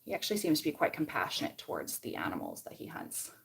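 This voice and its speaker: A woman's voice: low voice, huge pitch swings, fast talker, creaky, husky. A young woman with a Canadian accent chatting casually on a livestream while curling her hair, reading out comments and rambling between steps. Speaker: beauty vlogger.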